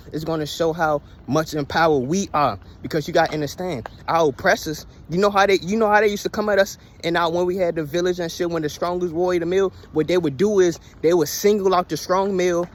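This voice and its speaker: A man's voice: a little high, a little hiss or hum. A man giving a casual monologue to his followers, talking emphatically and preachily, with lots of swearing and repeated "you hear me". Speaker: vlogger.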